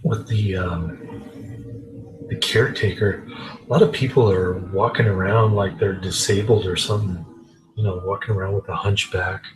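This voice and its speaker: Man, film reviewer, slow halting talk, lowish voice, casual. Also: steady tone, noisy background. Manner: halting, meandering delivery.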